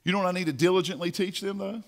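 A man preaching a sermon in a church, swinging from quiet asides to fiery shouting. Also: high-pitched, rapid-fire, gravelly. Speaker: pastor. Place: church sanctuary.

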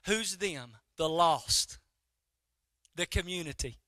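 A man's voice: a little high, slow pace, no room sound. A middle-aged man, a pastor preaching a sermon and telling a story to his congregation. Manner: animated storytelling, talks to the congregation directly.

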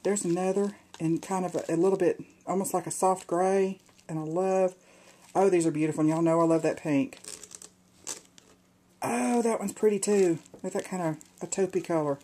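Her voice is lowish and dark, at normal speed, and the recording is rough. The crafter chats through an at-home unboxing of a swap box, gushing about the craft supplies and addressing her viewers as y'all.

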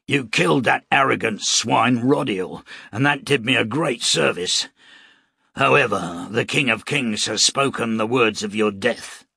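Man playing a smooth, mocking villain. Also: mid-range voice, a little slow, bright, forceful tone, no room sound, studio quality, heavily acted. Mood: smug. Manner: polished and mocking. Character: smooth, courteous villainous male gunman.

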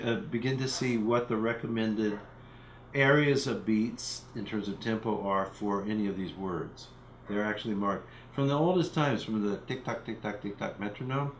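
A man's voice: lowish voice, roomy sound, a little hiss or hum, low-quality recording. A man teaching a recorded music literacy lesson from home, explaining symbols and chanting rhythm syllables as he counts. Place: home room.

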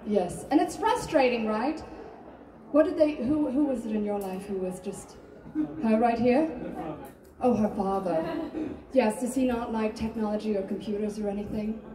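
A woman's voice: on the high side, moderate pace, recorded from a distance, crowd noise. A woman improvising live comedy on stage, chatting with the audience in a self-mocking way and laughing often. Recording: echoey live venue, voice from afar, loud music.

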